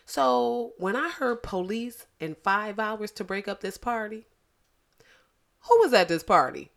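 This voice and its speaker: A woman with a lisp hosting a podcast, talking in an animated, blunt and profane way straight to her listeners. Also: medium pitch, unhurried, creaky. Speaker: podcast host. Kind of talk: casual podcast commentary.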